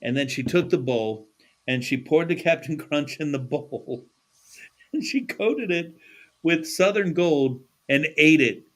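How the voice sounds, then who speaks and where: A man's voice: on the high side, animated, a little slow, fairly bright tone. Laid-back, foul-mouthed male podcast host. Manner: laid-back, swears freely, laughs often. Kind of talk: casual chat. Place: studio.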